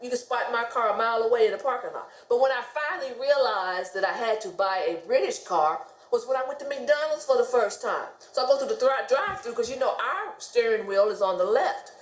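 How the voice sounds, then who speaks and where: A woman's voice: a little high, brisk, hardly any pauses, reverberant. A middle-aged woman from the United States telling stories casually to camera, chatty and laughing often. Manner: chatty, laughs often, animated quoted voices. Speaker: vlogger.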